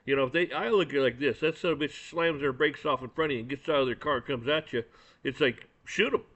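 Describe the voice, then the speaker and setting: A man's voice: medium pitch, fast talker, fairly bright tone. A man giving a blunt, profane and angry opinion rant, often stumbling and repeating words. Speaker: commentator. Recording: dull lo-fi recording.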